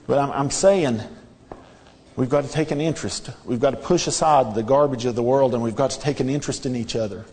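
A man's voice: medium pitch, brisk, darkish tone, long reverb tail. A man preaching a sermon in a church, earnest and repetitive, pressing his listeners with rhetorical questions. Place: church sanctuary.

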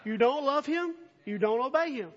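Male preacher, very high and bright tone, earnest sermon delivery, lo-fi sound. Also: lively intonation, moderate pace. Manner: earnest, swells from soft reading to impassioned near-shouting. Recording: dull lo-fi recording.

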